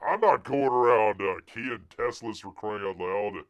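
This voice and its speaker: A man's voice: on the low side, unhurried, clear, resonant tone, dull audio. A man hosting a live stream, reading news articles aloud and mocking them with sarcastic asides, exclamations and put-on voices. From United States.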